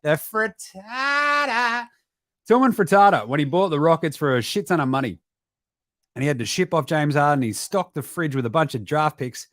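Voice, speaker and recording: Australian man, sweary basketball commentary, fairly high voice, dead dry mic. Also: a little fast, no echo. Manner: sweary, animated, breaks into mocking put-on voices and sudden shouts. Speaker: basketball podcast host. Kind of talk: profane casual live-stream commentary.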